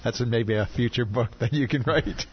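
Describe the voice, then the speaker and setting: A man co-hosting a Bible talk show, asking brief questions and chiming in. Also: medium pitch. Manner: slow, asks brief questions, backchannels. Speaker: co-host. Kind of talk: casual chat. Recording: dull lo-fi sound.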